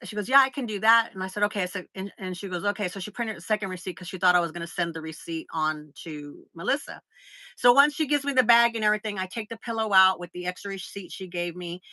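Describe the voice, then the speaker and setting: Woman, middle-aged, Southern US accent, livestream host, chatty storyteller, bright tone. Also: medium pitch, no room sound. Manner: chatty storytelling, full of fillers and retold dialogue. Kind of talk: casual chat.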